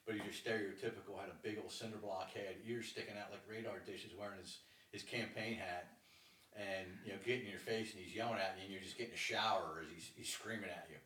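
A middle-aged man from Maryland, a lacrosse coach, telling a story in a casual, animated way and acting out the voices of people in it. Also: lowish voice, fast talker, recorded from a distance, slight background noise. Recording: roomy sound from off the mic.

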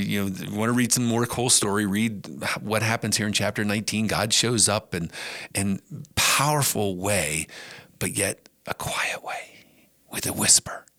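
A man's voice: lowish voice, bright, forceful tone, no room sound. A middle-aged man hosting a podcast, giving an earnest, conversational devotional talk with emphatic rises. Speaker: podcast host and preacher.

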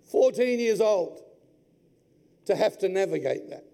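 A man, preaching a sermon in a large church hall and telling his own family story with deep feeling. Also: animated, measured pace, creaky, dark tone. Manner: heartfelt personal storytelling. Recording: long hall reverb.

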